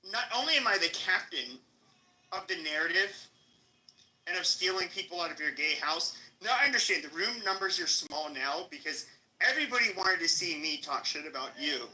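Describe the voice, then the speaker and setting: A man's voice: a little high, animated, brisk, bright, forceful tone, poor audio. A man with an American accent hosting a live podcast stream, taunting and cursing at a rival in a heated rant. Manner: aggressive, taunting, profane. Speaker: podcast host.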